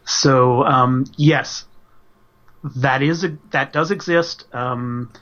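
Casting note: male author guest, measured and thoughtful, muffled lo-fi sound. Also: medium pitch, a bit bright. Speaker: novelist guest. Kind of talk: casual interview.

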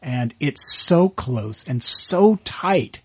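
Male host, husky and expressive, thoughtful and halting, dry close mic. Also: mid-range voice, no room sound. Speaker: interview host. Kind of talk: casual panel interview.

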